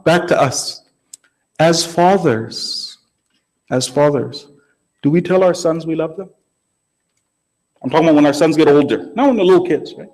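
A man's voice: a little high, darkish tone, poor audio. A man giving a sermon in a conversational way, often checking in with the audience. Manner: conversational, keeps asking the audience "right?". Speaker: religious speaker.

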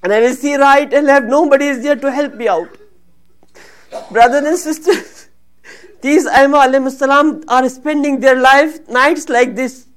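High-pitched lady preaching, earnest, gets worked up on the prayer parts. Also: moderate pace. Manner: earnest, rises and grows emotional when voicing supplications. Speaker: religious speaker. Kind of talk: sermon.

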